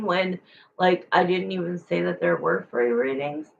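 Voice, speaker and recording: A woman's voice: medium pitch, moderate pace, vocal fry, a bit bright, dull audio. A woman tarot reader chatting casually and frankly with viewers on a livestream.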